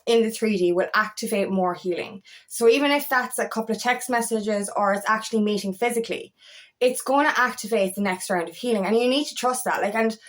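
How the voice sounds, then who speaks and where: A woman's voice: on the high side, brisk. A woman coach talking casually to camera, emphatic and swearing freely, with exasperated outbursts. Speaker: feminine empowerment coach.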